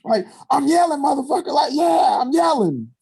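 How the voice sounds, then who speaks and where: A man doing an impression of a loud comic character who insists he can't stop yelling. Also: big pitch swings, normal speed, creaky, full character voice. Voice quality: shouting, high-pitched.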